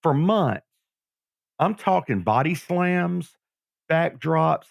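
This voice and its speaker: A middle-aged man from Georgia, a guest telling his life story in an animated way, acting out what people said. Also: on the high side, takes it slowly, creaky, no echo, clean studio sound. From Georgia, USA. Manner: animated storyteller who acts out quoted voices. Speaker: guest, former pro wrestler. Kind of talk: storytelling interview.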